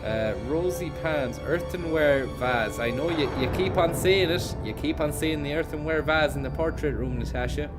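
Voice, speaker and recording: A man's voice: on the high side, moderate pace, hardly any pauses, loud music behind the voice. A young man, tired and yawning, commenting on a game as he plays and cursing freely while thanking viewers by name. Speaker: streamer. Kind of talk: live gameplay commentary.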